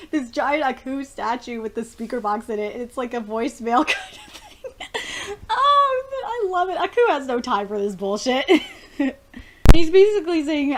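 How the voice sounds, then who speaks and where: A young woman excitedly reviewing a cartoon episode, laughing often, swearing freely and acting out lines. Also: sits high. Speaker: show reviewer.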